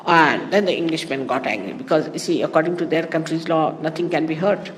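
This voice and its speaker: A woman's voice: sits low, brisk. A woman speaks as a spiritual teacher addressing her followers. She tells stories and wanders off into asides along the way. Her voice rings through a large reverberant hall over a faint hum of background noise. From India. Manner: anecdotal, digressive storytelling with asides. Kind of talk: spoken talk to followers.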